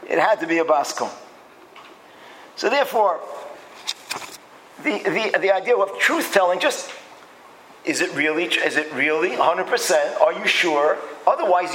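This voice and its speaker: A man's voice: fairly high pitch, fairly bright tone, a little hiss or hum, poor audio. A man giving a lecture-style Torah class, emphatic and repeating phrases as he builds his point. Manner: acts out quoted speech in changed voices. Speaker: Torah teacher.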